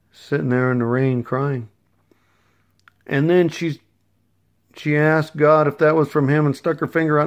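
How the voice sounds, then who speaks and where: Man preaching a rambling, earnest sermon. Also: fairly high pitch. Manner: rambling, earnest, with restarts and asides; storytelling. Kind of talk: informal sermon.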